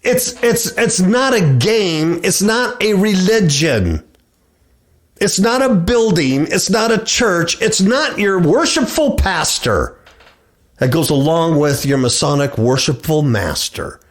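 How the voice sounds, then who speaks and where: A man's voice: high voice, sing-song, slow. A middle-aged man hosting a radio show, preaching and reading scripture aloud. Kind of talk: preaching bible commentary.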